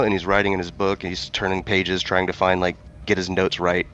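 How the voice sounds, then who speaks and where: A man with a Texan accent narrates his moves in a tabletop role-playing game, laid-back and self-mocking. His voice sits fairly low and comes through slightly dull, lo-fi audio. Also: level tone, a little fast, few pauses, fairly bright tone. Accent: Southern US, Texan. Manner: casual, self-mocking, laughs easily. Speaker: player.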